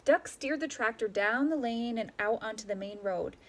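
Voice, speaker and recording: A woman reading a picture book aloud to children, expressive and animated. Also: fairly high pitch, moderate pace, a little hiss or hum. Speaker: storyteller.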